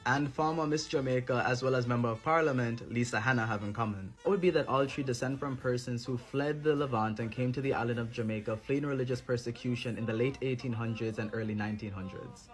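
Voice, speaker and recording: A man giving scripted narration in a measured, informative manner. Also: mid-range voice. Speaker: documentary narrator.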